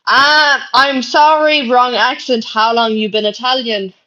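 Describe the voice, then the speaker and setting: A woman's voice: a little high, fairly even intonation, a little slow, bright, forceful tone. A young Irish woman streaming live, reading chat messages aloud in brash, sweary casual talk. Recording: dull lo-fi stream audio.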